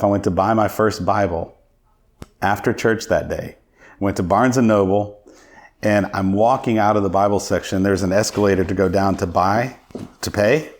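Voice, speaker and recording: A middle-aged man, a podcast guest, telling his personal testimony in an earnest, reflective way. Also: fairly low pitch.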